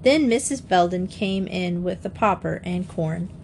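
A woman's voice: lowish voice, lively intonation, unhurried, creaky, a little mellow, slight background noise. A woman narrating a children's mystery book in a storytelling manner. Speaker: audiobook narrator.

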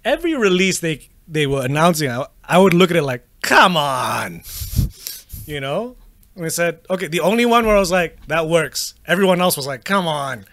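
A man co-hosting a casual film chat, animated and swearing freely as he acts out reactions. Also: high voice, fast, no room sound.

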